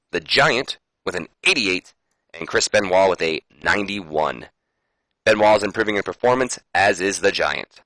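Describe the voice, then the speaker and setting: A man's voice: lowish voice, bright, forceful tone, dry recording, rough recording. A man casually commenting on a wrestling management game, chatty and prone to swearing. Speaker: gameplay commentator. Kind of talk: casual let's-play commentary.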